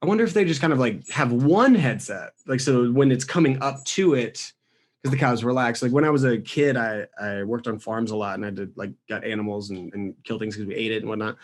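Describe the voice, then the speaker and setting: Mid-pitched male podcast co-host, rambling, crude humor. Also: fairly quick. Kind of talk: casual comedy podcast chat.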